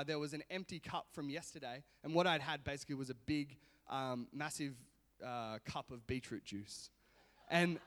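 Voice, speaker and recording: A man's voice: a little high, fairly bright tone. Laughing man telling a story in a hall. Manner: chatty and self-mocking, laughing often. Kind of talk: casual sermon with a personal story. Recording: long reverb of a hall.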